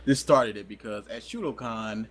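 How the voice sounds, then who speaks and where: A man's voice: fairly low pitch, normal speed, a little hiss or hum. A young man co-hosting a podcast, telling a rambling, self-deprecating story in casual chat. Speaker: podcast co-host.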